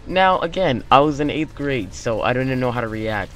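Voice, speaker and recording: Animated story-time vlogger, young man. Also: mid-range voice, normal speed, faint music behind. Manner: animated, acts out quotes. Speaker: YouTube channel host.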